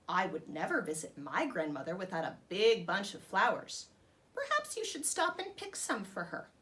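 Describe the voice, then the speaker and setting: Storybook role: sneaky big bad wolf, sly and slow-talking, swooping voice, read by a woman. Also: medium pitch, very animated, sharp tone.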